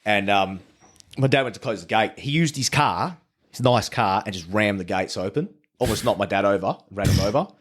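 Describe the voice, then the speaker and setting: A man's voice: on the low side, a little fast. A man who is a podcast guest tells his story in casual chat. He swears freely and often restarts his sentences.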